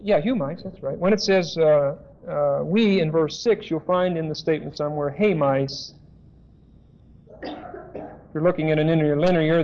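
A man giving a deliberate Bible lesson, spelling out Greek words and pausing to correct himself. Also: a little high, darkish tone. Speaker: Bible teacher. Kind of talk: slow expository Bible lesson. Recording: dull lo-fi sermon tape.

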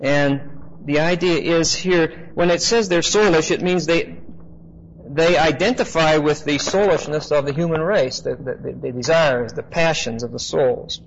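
A man preaching an expository Bible teaching, measured and emphatic, often pausing with "uh" and checking in with "okay?". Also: fairly high pitch, vocal fry. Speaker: pastor. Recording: slightly dull lo-fi sound with faint noise.

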